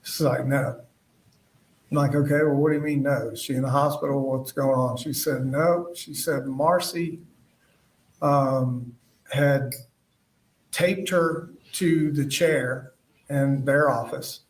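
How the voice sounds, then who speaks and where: A man's voice: medium pitch, steady tone. Man testifying from far in an echoey courtroom. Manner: halting, retells conversations in quoted dialogue. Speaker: witness testifying at trial. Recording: echoey room, voice far from the mic.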